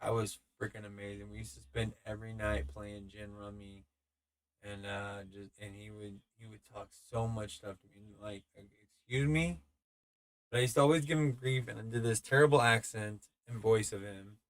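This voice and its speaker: A man's voice: lowish voice, fairly even intonation, moderate pace, fairly bright tone. A man in his thirties hosting a podcast alone, telling stories in a rambling, profane way with many stammers and restarts. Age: 30s. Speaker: podcast host. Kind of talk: casual storytelling.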